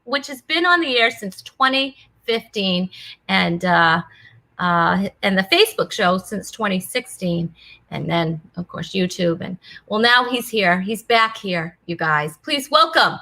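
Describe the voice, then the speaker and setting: A woman's voice: medium pitch, measured pace, pushed and bright. A woman hosting a casual live online talk show, chatty and bubbly, laughing often as she greets viewers. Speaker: host. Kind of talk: casual live-stream chat.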